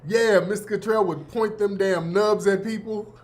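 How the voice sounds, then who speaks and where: A man's voice: sits high, steady tone, moderate pace. A man in his fifties hosting a show, telling school stories in a casual, slangy way and often laughing. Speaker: host. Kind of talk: casual storytelling.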